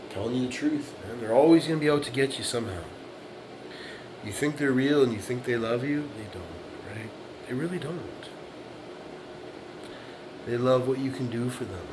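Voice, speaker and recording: This vlogger, a man in his late forties, talks casually to camera in a mid-range voice over background noise. His monologue is blunt and profane, with repetition and frequent "right?" checks.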